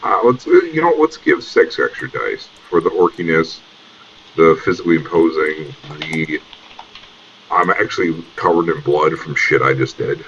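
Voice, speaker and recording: Very deep-voiced male game master. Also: big pitch swings, normal speed, a bit bright, a little hiss or hum. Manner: casual and rambling, many fillers. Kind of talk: narrating a tabletop game. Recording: dull lo-fi audio.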